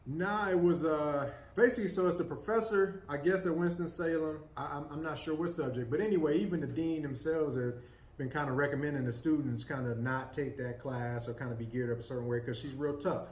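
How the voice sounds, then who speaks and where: A man's voice: on the high side, a little mellow. Man recapping news, roomy echo. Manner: measured, hedging with "kinda" and "basically". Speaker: podcast co-host. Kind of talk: casual chat, recounting a news story. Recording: echoey room with faint noise.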